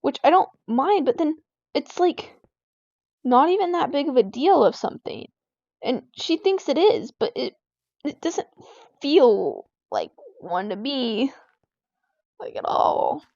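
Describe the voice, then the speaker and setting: Teen girl ranting about her friend while gaming, super high voice, says like every other word, kinda muffled lo-fi mic. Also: very animated, takes it slowly, gravelly, pauses often, a little mellow, no room sound. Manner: rambling, full of "like" fillers, exasperated. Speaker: gaming vlogger. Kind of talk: casual venting while playing a game.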